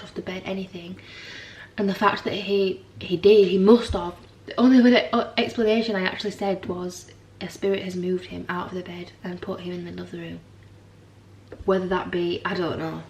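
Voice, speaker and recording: A woman's voice: mid-range voice, roomy sound, distant mic, a little hiss or hum. A young mother vlogging in a frank, rambling chat to camera, tired and swearing now and then. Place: home.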